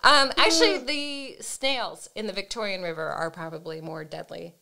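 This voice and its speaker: Young woman on a podcast, bright voice, giggly and playful. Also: mid-range voice, moderate pace, creaky. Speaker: podcast guest, chef and pilot. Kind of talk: casual chat.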